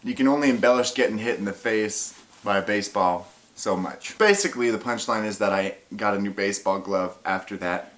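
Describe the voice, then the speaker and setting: A man telling a funny story about himself to his viewers in a casual, animated, self-mocking way. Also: on the low side, a little fast. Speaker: vlogger.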